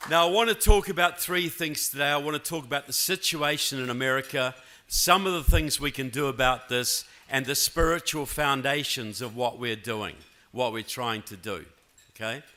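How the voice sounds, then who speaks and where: A New Zealand man in his fifties, with a New Zealand accent, gives a keynote speech at a political convention in a large conference hall, often checking in with the crowd. He speaks through a handheld or podium mic in a mid-range, sharp voice at a moderate pace.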